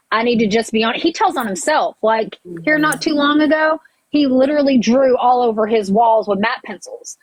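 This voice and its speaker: A mother telling stories in a casual group chat, animated and acting out the dialogue. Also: high-pitched, poor audio. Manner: animated storyteller, acts out dialogue. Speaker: mother of a young child.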